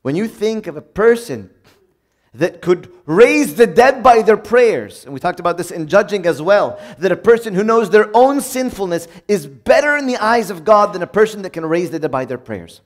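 A man preaching a sermon in a conversational way, reading from old sayings and acting out everyday moments in a bright, upbeat voice. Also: high-pitched, expressive, a little fast, hardly any pauses.

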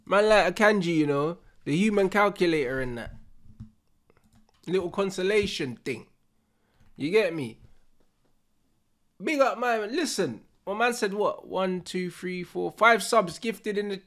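A young man, reacting live to a football match with loud, slangy banter and frequent laughter. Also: sits high, lively intonation, unhurried, long pauses.

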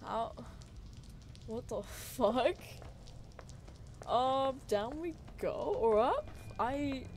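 Expressive, gushing woman game streamer. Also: high-pitched, very slow, a little hiss or hum. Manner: expressive, swearing, cooing and gushing. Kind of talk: live gameplay commentary.

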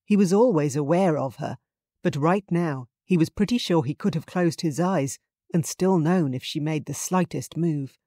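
Woman reading an audiobook, really low voice, calm, super dry close sound. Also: normal speed, no room sound. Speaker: audiobook narrator. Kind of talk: scripted narration.

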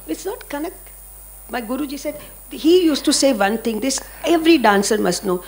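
An older woman with an Indian English accent, speaking as a dance guru on a panel, animated and anecdotal. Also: fairly high pitch, brisk, gravelly. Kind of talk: panel discussion storytelling.

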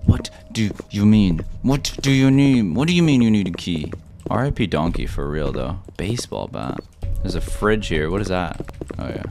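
A young man playing a horror game and commenting, swinging from low mumbles to shrill yelps. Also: moderate pace. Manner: excitable, flips from mumbling to high-pitched yelps. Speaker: gaming YouTuber. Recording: game music behind the voice.

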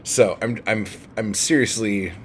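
A man's voice: lowish voice, fairly even intonation, unhurried, slight background noise. A man ranting about writing to his followers, agitated and swearing heavily. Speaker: book vlogger. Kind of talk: profane rant to camera.

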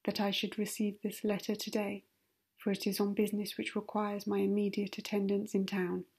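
A woman's voice: mid-range voice, monotone, normal speed, a little mellow, breathy edge. A woman voicing a reserved, grave middle-aged colonel who speaks formally and with restraint, in a whispered role-play. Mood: restrained.

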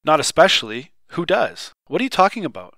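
A man reading aloud voices a refined, proud young woman who drawls softly and turns crisp when annoyed. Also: a little high, huge pitch swings, brisk, no room sound, studio quality, exaggerated voice. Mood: drawling, puzzled.

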